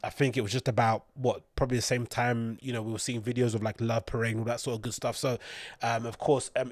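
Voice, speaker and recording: A man's voice: medium pitch, darkish tone, no room sound, clean studio sound. A man with a British accent, hosting a rambling solo podcast with opinionated commentary full of fillers and digressions. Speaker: podcast host.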